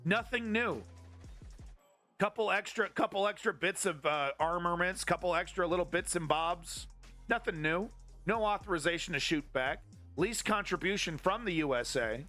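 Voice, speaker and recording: A man hosts a live-streamed political commentary show in a fairly high, bright voice. He rants with heavy profanity and biting sarcasm, while faint music plays underneath. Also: normal speed. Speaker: host.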